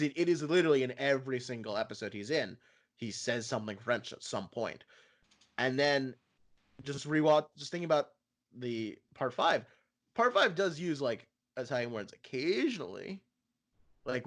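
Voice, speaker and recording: A man co-hosting a casual fan podcast, animated and profane, often laughing and putting on voices. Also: mid-range voice, normal speed. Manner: animated, swearing, laughing, mimicking characters. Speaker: podcast co-host.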